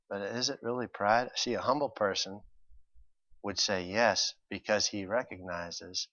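A man preaching a sermon, moving between quiet, conversational asides and loud, emphatic points with mock voices. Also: fairly low pitch, unhurried, no room sound, highs cut off.

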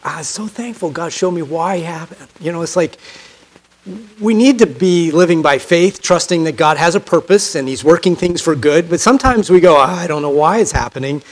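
A man gives a homespun sermon, weaving a personal story into a Bible reading. His voice sits a little high for a man, and he often sinks to a soft, low murmur before climbing again to press a point home. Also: normal speed, low-quality recording. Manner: folksy storytelling, often drops to a quiet low voice, rises when stressing a point. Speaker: preacher.

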